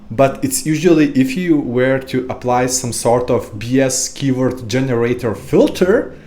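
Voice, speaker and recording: A man talks through a casual podcast monologue at a middle pitch, rambling and loose with lots of fillers. His tone turns sarcastic as he riffs, with sudden jumps up in pitch for emphasis. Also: a little mellow. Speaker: podcast host.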